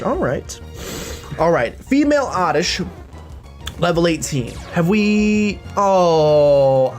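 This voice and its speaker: A let's-play commentator talking through a video game run in a quick, chatty, playful way. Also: mid-range voice.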